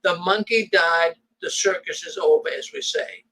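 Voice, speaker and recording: A man's voice: high-pitched, huge pitch swings, moderate pace, sharp tone, rough recording. A man, the host, talking in a casual conversation, emphatic and often repeating his first words.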